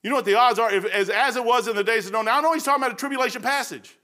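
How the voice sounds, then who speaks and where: A man's voice: very high voice, very fast, bright, forceful tone. A man preaching a folksy sermon, rambling through stories and laughing at his own jokes.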